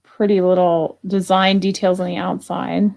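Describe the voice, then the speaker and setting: A woman's voice: on the low side, little pitch movement, normal speed, vocal fry, a little mellow. A woman hosting a live jewelry sale, chatting casually and thinking aloud as she prices pieces, with the odd grumble. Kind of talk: casual live selling chat.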